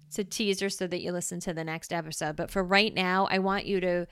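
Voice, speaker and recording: A woman's voice: fairly low pitch, steady tone, fairly bright tone, clean tone, no echo, clean studio sound. A woman hosting a casual solo podcast, explaining ideas in a chatty way and often checking in with the listener. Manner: chatty, checks in with "right?", acts out quick voices. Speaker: podcast host.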